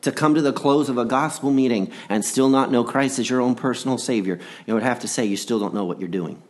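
A man's voice: medium pitch, fast talker. A man preaching a gospel sermon in an earnest voice, repeating key phrases and swinging between rising and dropping delivery.

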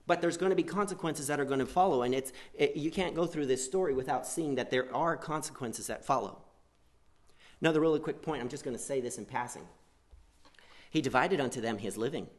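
A man preaching a sermon, swinging between loud emphatic lines and quiet asides, and acting out quoted prayers. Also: medium pitch. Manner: acts out quoted prayers in a pleading voice.

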